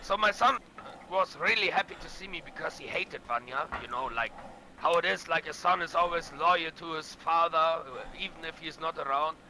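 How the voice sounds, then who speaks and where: A man's voice: fairly high pitch, moderate pace, bright, forceful tone, slight background noise, low-quality recording. A man roleplaying a bandit boss in online game voice chat, telling a long profane, boastful, rambling story in character.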